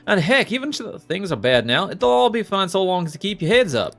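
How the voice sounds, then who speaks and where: Earnest young woman fortune teller from a game, read by a man, lively pitch, faint game music underneath. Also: fairly quick, gravelly, exaggerated voice. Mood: scolding drawl. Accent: Southern US, put on. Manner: earnest, pleading, slips briefly into a folksy drawl. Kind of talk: reading video game dialogue aloud.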